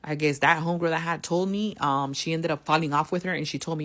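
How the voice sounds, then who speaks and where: A woman's voice: low voice, fast talker, hardly any pauses. Foul-mouthed woman telling a story. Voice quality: heavy swearing, street slang. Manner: animated, acts out each person in quotes. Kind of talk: casual storytelling.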